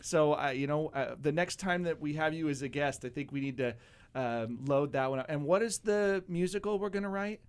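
A man co-hosting a radio show, joking and laughing as he guesses word meanings slowly. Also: a little high, smooth. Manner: playful, laughs often, muses slowly over guesses. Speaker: co-host. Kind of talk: casual radio show banter.

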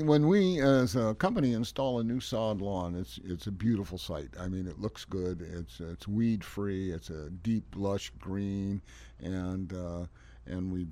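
A man's voice: sits low, warm tone. An older man who installs lawns, chatting on a radio show in a folksy, rambling, emphatic way. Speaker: landscaping guest expert on a radio show. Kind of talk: casual radio chat.

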